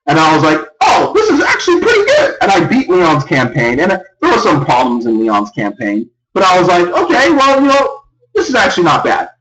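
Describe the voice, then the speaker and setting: A young man ranting loudly and in exasperation on a live gaming stream. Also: very animated, brisk. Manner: loud, exasperated ranting with big pitch swings. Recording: echoey room, far from the mic.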